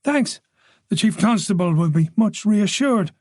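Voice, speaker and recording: A man's voice: high voice, expressive, a little slow, darkish tone, no echo, studio quality, pitched above the performer's own voice. Man reading a modest, guarded chief inspector. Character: reserved middle-aged male police chief inspector.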